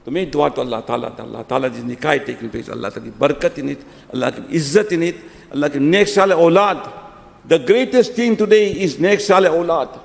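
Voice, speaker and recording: Fast gravelly preacher in a reverberant mosque. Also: male voice, on the high side. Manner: exhorting, repeats key phrases, drops Urdu and Arabic words. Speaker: speaker giving a talk at a nikah ceremony. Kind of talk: wedding sermon with anecdotes and closing prayer. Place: mosque hall.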